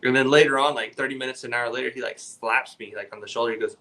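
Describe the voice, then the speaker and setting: A man's voice: medium pitch, quick pace, few pauses, pushed and bright. A young man, a guest on a casual podcast, telling rambling stories full of "like". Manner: rambling storyteller, says "like" a lot. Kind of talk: casual chat.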